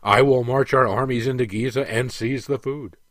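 A man's voice: medium pitch, steady tone, moderate pace, a bit bright, dry recording, clean studio sound, natural voice. A man reading the part of a blunt, combative general, the emperor's son, who talks with impatient force. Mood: defiant.

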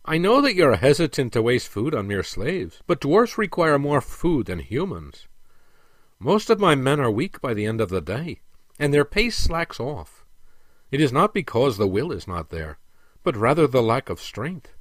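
A man's voice: mid-range voice, sing-song, normal speed, no room sound. A man voicing a proud, defiant dwarf prince who argues firmly and earnestly, raising his voice, in a dry recording. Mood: persuasive. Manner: firm and earnest.

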